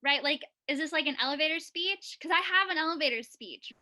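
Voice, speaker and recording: A playful woman with a high, bright voice chats casually in a group. She jokes quickly and keeps the tone light.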